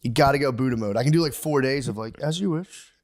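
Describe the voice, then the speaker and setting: A man in his thirties co-hosting a comedy podcast, rambling casually and acting out quotes with sudden high-pitched yelps. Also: fast talker, no echo, studio quality. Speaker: podcast co-host.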